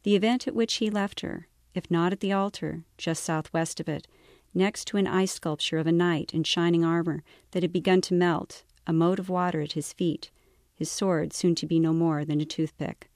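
A woman author reading her novel aloud in a measured, wry manner. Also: lowish voice, fairly even intonation, darkish tone, no echo, clean studio sound.

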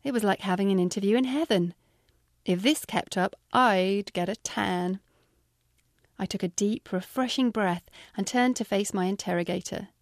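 A woman's voice: medium pitch, normal speed, no echo. A woman with a British accent reading her own memoir aloud with wry, dry humor. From Britain. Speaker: author.

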